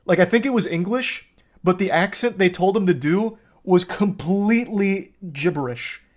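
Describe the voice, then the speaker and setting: A man's voice: sits high, moderate pace. A young man streaming, recapping a film in a sarcastic, profane, rambling way. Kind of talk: casual chat.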